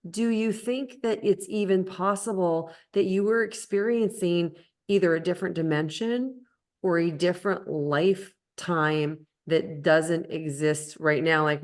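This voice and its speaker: A woman's voice: lowish voice, a little mellow. A woman hosting an interview show, asking questions and thanking her guest in an earnest, affirming way. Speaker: podcast host.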